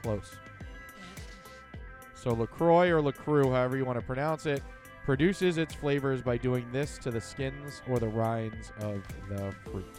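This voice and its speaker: A man co-hosting a casual podcast chat, running through a list in a relaxed way. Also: mid-range voice, normal speed, hardly any pauses, soft background music. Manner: relaxed, reads out lists. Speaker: podcast co-host.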